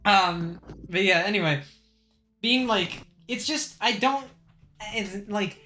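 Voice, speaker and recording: A young woman hosting a casual group podcast chat, even-keeled in tone, laughing often and restarting her sentences. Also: mid-range voice, slow, soft background music. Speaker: podcast host and organizer.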